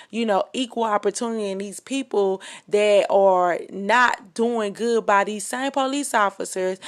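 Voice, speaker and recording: Impassioned woman podcast host. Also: mid-range voice. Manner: impassioned, emphatic, frequent fillers. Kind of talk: casual opinion monologue.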